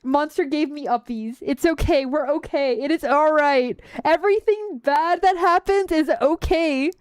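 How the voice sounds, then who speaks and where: High-voiced woman streamer, casual chat. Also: measured pace, no echo, studio quality. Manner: chatty, many "like" fillers. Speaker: streamer playing and reading a game aloud.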